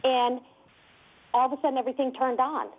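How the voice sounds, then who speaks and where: A woman investigator telling a story with excitement, laughing often and using many fillers. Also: high-pitched, a little fast, husky. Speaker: guest UFO investigator. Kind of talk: animated storytelling. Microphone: telephone. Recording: tinny phone line.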